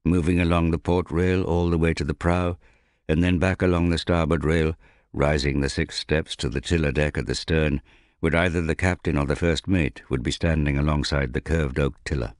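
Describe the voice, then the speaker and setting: A man narrating a fantasy novel audiobook in a measured, even storytelling manner. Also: very deep voice, no room sound, studio quality.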